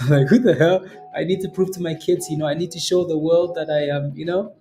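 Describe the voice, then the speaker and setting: A man with a slightly high, mellow voice runs a live day-trading stream in a loose, rambling way. He laughs easily and drifts into tangents. Soft guitar music plays faintly behind him. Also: steady tone, brisk. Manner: rambling and chatty, laughs often, many "right?" tag questions. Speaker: day-trading livestream host. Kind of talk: casual live market commentary.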